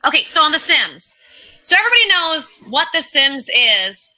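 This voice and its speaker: Bright, laughing woman in casual chat. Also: sits high, normal speed, rough recording. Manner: laughing, animated storytelling with profanity. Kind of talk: casual online panel chat.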